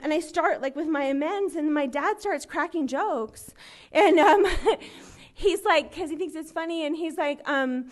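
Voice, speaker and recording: Woman, 30s, from LA, high voice; earnest, chatty recovery-share delivery with lots of fillers. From Los Angeles. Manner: earnest, conversational, full of fillers, voices the people in her story. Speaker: recovery meeting speaker. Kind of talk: personal recovery story told to a live meeting. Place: meeting room.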